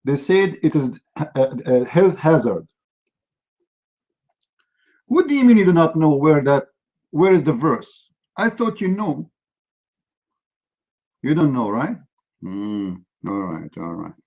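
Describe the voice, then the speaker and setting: A man hosts a heated live online debate, his voice sitting a little high. He lectures and mocks his opponent combatively. The audio comes through dull and lo-fi. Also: big pitch swings, takes it slowly, long pauses, darkish tone. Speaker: debate host.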